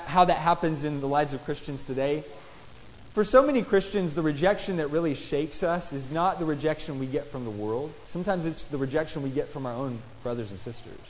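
A man's voice: on the high side, darkish tone. A man preaching a sermon and reading scripture, talking in a conversational way and putting questions to his listeners. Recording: long reverb in a large hall.

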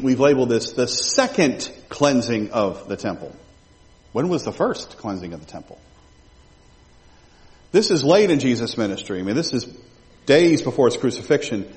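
A male pastor preaching a sermon, animated and full of rhetorical questions to his congregation. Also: medium pitch. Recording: long reverb of a large hall.

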